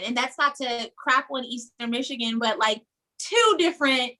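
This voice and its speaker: Young new york woman, high bright voice, chatty interview guest who repeats herself a lot. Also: normal speed. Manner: animated, repeats words while telling stories. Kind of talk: casual chat.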